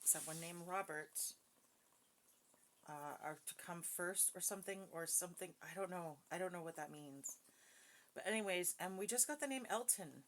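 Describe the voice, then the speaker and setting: A woman's voice: lowish voice, moderate pace, a bit bright. Chatty, hesitant woman doing a psychic reading. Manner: chatty and hesitant, with many fillers and frequent laughs. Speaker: psychic reader. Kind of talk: casual spoken reading with a recited prayer. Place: home with dogs nearby.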